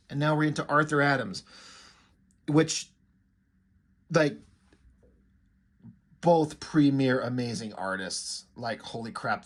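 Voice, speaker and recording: A man casually reviewing a comic book, excited, with swearing and many fillers. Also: fairly high pitch.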